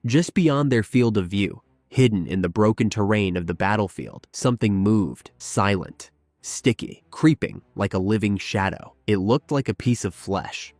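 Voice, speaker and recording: A man narrating a dramatic fan-made story, slow and emphatic with weighty pauses. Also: fairly low pitch, a little mellow, no echo. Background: faint background music.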